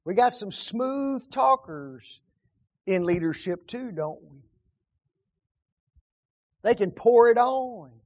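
A high-pitched male preacher delivering a slow, deliberate sermon. He leans on rhetorical questions and repeated key words, then falls to hushed, almost whispered endings. His delivery is emphatic and theatrical. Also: lively intonation. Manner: rhetorical questions, dramatic drops to hushed tones. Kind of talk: sermon on a psalm.

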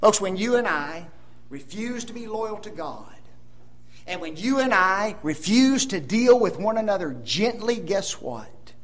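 A man preaching a sermon in a high, bright-pitched voice that leaps up and down with animated emphasis. He keeps asking the congregation rhetorical questions, pushing some phrases out loudly and dropping others to near-whispers. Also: a little slow. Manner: swings between loud emphasis and hushed asides.

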